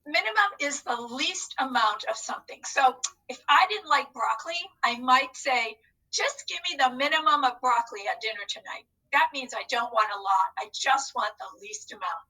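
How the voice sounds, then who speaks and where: A woman's voice: high voice, animated, normal speed, pushed and bright, recorded from a distance, low-quality recording. A woman teacher leading a recorded phonics lesson, upbeat and coaxing as she talks to unseen students.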